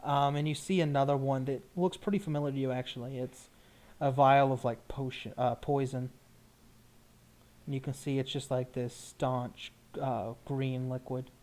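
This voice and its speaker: A man's voice: mid-range voice, level tone, normal speed, a little mellow. A man narrating as game master, describing scenes in a loose, rambling way with many restarts.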